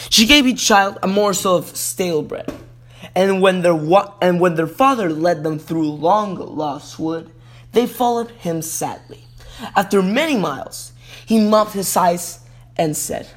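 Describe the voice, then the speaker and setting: A man's voice: high-pitched, lively intonation, unhurried. A podcast host, a man, casually reading a children's fairy tale, chatty and prone to correcting himself.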